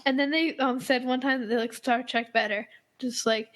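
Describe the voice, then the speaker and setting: A teenage girl in casual chat, talking in an animated, rambling way with many fillers and restarts. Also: a little high, normal speed. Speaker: co-host.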